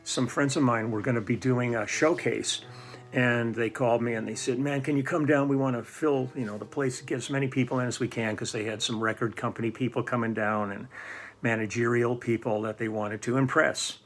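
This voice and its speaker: A man's voice: medium pitch, fairly even intonation, fairly quick, fairly bright tone. An older man telling stories in a casual, rambling way, with many fillers and restarts. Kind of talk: casual storytelling.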